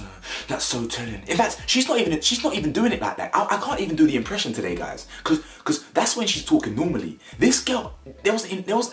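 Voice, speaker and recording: A young British man giving blunt, slangy, mocking commentary on a reality show. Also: fairly high pitch. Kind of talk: opinionated reaction commentary. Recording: echoey room with faint music.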